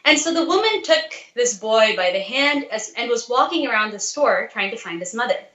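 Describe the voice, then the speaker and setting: A woman's voice: a little high, animated, moderate pace, a bit bright, reverberant, rough recording. A woman giving an earnest devotional talk, telling a story and asking rhetorical questions to urge listeners on. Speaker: devotional speaker.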